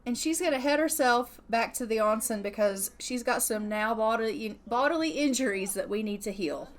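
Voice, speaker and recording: The speaker is a gaming YouTuber in her young adult years, casually narrating her Sims play. Chatty and quick to swear, she voices her character in a fairly high pitch at a moderate tempo.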